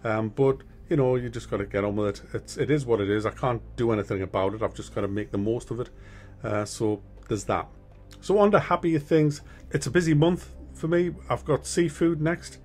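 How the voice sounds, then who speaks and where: A man's voice: medium pitch, fairly quick, a little mellow, soft background music. A middle-aged man gives viewers a chatty, frank monthly update on his gaming channel, often restarting his sentences.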